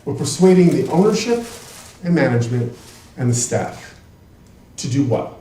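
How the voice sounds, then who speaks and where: A man who is a trial lawyer, giving an emphatic talk to an audience in a large room, heard from a distant mic. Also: medium pitch. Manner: emphatic and animated, with quick bursts. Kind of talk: presentation to an audience. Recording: echoey room, voice from far off.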